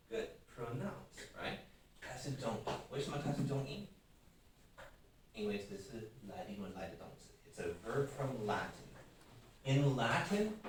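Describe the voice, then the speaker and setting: A man's voice: medium pitch, a bit bright, a little hiss or hum. Male English teacher, patient and coaxing; heard from afar in a reverberant classroom. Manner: explains patiently, prompts students to repeat. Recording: very echoey room, from far off.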